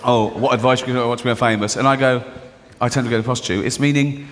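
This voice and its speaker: A man performing a stand-up routine, dropping into low mumbled asides and jumping up into excited high outbursts. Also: fast talker. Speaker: stand-up comedian. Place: large live venue before an audience. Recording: live stand-up in a big reverberant hall, audible audience.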